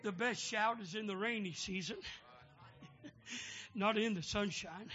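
A male preacher delivering a sermon, calling out to the congregation for amens and building up to shouting. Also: high-pitched, takes it slowly. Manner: call-and-response, building to shouting. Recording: dull lo-fi sound.

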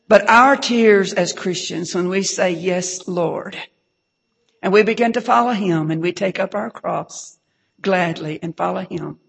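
A woman gives a fervent, emotional testimony in a slow, lowish voice with a gravelly, creaky edge, repeatedly crying out hallelujah and dropping to a hush for the saddest parts. Her words ring out with long reverb through a church hall.

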